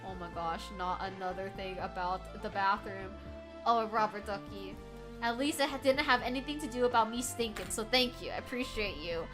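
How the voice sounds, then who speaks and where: A woman streamer chatting casually with her viewers from a room at home while doing crafts, animated and swearing freely as she reacts loudly to chat. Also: medium pitch, normal speed, over music.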